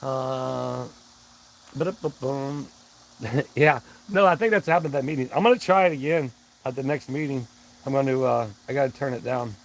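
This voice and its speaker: A man's voice: medium pitch, fairly quick, vocal fry, slight background noise, low-quality recording. A man hosting a casual live stream, rambling along and greeting viewers by name. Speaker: livestream host.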